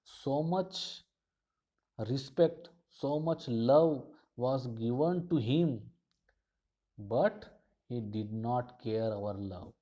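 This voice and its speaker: A male teacher works through a poem line by line, circling back to restate each phrase. He talks slowly and deliberately, in a dark, mellow voice. His pitch sits in an ordinary middle range. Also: animated, poor audio. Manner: slow, repetitive explanation with frequent restatements. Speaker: college English teacher.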